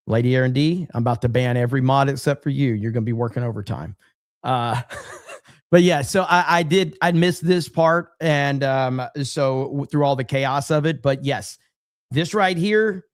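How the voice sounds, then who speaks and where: A man's voice: medium pitch, normal speed, dry recording, clean studio sound. A man hosting a casual commentary stream, talking bluntly and repeating his points for emphasis. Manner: blunt, repetitive emphatic talk. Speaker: show host.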